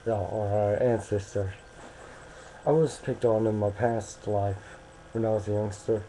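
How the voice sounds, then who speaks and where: A man's voice: fairly low pitch, fairly even intonation, unhurried, mellow, a little hiss or hum, low-quality recording. A young American man talking casually into a webcam, rambling and hesitant with many restarts. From United States.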